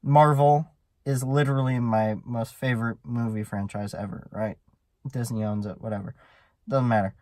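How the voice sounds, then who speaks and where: A man's voice: medium pitch, steady tone, moderate pace, darkish tone, no echo, clean studio sound. Rambling man hosting a solo podcast. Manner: rambling, earnest, many restarts and fillers. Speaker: podcast host.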